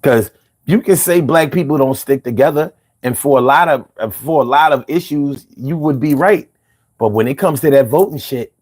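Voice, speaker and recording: A man's voice: mid-range voice, darkish tone. A man giving a heated, profane political rant as a commentator, talking straight to his viewers. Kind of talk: ranting commentary.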